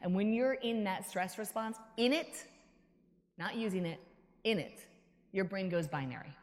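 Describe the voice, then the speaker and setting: Animated woman giving a keynote in a hall. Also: medium pitch, normal speed. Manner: animated storyteller who acts out quotes and laughs. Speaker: keynote speaker. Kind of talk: motivational keynote talk. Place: large conference hall. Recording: echoey hall reverb.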